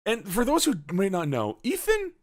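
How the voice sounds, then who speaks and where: A man on a casual podcast tells a story with a lot of energy, acting out his own reactions and swearing freely. His voice sits a little high and swoops up and down in pitch. He sounds like a host chatting with friends. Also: wildly swooping pitch, moderate pace.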